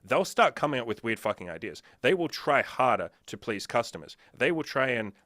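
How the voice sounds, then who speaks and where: A man chatting casually on a podcast as a business coach, swearing a lot and telling animated stories. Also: medium pitch, fairly quick, no room sound, clean studio sound. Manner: profane, animated storytelling.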